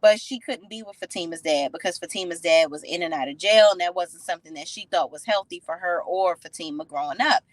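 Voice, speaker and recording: A woman giving a casual recap of a TV episode, sassy and opinionated, retelling scenes with animated commentary. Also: fairly low pitch, fairly quick, few pauses, no room sound, rough recording. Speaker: TV show recap reviewer.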